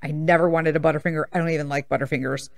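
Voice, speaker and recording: A woman in her fifties hosting a podcast, telling candid stories in a blunt, sassy, animated way. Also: low voice, very fast, vocal fry. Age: 50s. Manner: blunt, animated storytelling with laughs and sass. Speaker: podcast host. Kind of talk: candid casual monologue.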